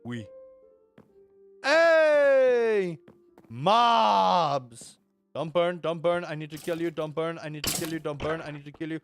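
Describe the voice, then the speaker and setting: A man's voice: a little high, fairly even intonation, fast talker, hardly any pauses, soft background music. Rambling man streaming games. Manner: rambling, swears, answers chat and reacts to the game. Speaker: livestreamer. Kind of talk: casual gaming stream chat.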